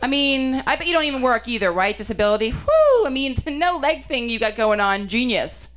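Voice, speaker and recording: A young woman doing a stand-up comedy set in a slightly high voice. She talks in a chatty, self-mocking way and lands her lines with punchy asides. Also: animated, a little fast, a bit bright.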